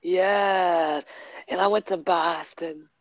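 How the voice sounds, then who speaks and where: A woman from New York on a video chat, speaking slowly and hesitantly. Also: on the low side, fairly even intonation, no echo, highs cut off.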